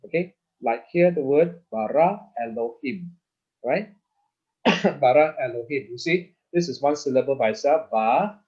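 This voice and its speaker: A Hebrew teacher runs an online lesson with slides, his fairly high, darkish, slightly rough voice moving at a moderate pace with lively intonation over lo-fi sound. He explains patiently, repeats words, and asks "okay?" after nearly every phrase.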